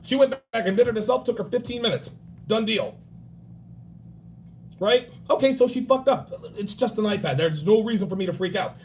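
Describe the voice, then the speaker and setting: A man in his forties hosting a livestream, giving blunt, profane dating and grooming advice and acting out other people in quick bursts. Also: sits high, slight background noise. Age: 40s. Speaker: livestream host.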